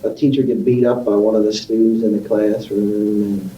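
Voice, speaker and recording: A man's voice: fairly low pitch, little pitch movement, fairly quick, warm tone, echoey room, recorded from a distance, low-quality recording. A man being interviewed, telling rambling stories about his youth and acting out other people's voices.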